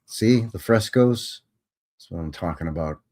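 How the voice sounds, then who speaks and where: Relaxed and wry, a fairly low-voiced host discusses photos on a live show. He jokes around and is easily amazed.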